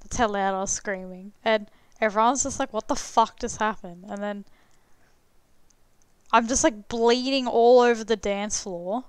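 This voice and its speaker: A woman's voice: on the high side, steady tone, unhurried, clean tone, no echo. A young adult woman streamer telling a story casually while playing a game, chatty and swearing freely, full of "like" fillers.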